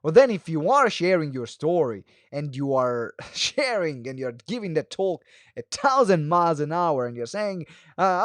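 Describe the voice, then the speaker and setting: Male speaking coach, webinar; higher pitch, talks fast with restarts, varies pace for effect, gestures as he speaks. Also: sing-song, no echo. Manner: frequent fillers and restarts; moves hands and head while talking. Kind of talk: live webinar teaching.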